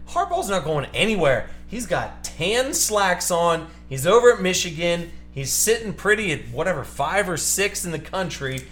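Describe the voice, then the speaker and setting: A man's voice: high-pitched, big pitch swings, sharp tone, a little hiss or hum. A man hosting a live card break stream, ranting heatedly about sports media between card calls. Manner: ranting, heated, fast-shifting. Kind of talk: live stream chat while opening cards. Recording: echoey room with music behind.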